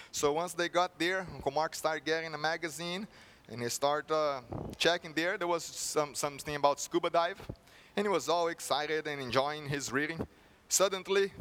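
A man's voice: a little high, normal speed, a bit bright, slight background noise. A male preacher delivering a sermon with earnest storytelling and rhetorical questions.

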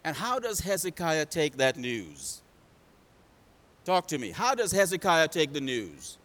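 A man preaching a sermon in a dramatic, call-and-response style that swings from loud to hushed. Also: a little high, huge pitch swings, unhurried.

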